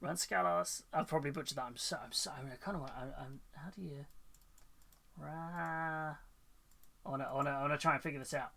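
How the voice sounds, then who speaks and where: British guy rambling on stream, bright voice, a bit high, laughs a lot. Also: fairly quick, vocal fry. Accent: British English. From United Kingdom. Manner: chatty, rambling, laughs often. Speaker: Twitch streamer painting miniatures. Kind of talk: casual live-stream chat.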